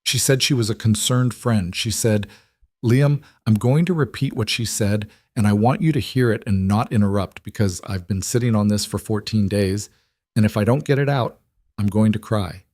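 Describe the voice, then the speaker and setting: A man voicing a calm, grieving grandmother. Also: on the low side, no echo, clean studio sound, lightly acted. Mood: strained calm. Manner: measured, controlled, fighting tears.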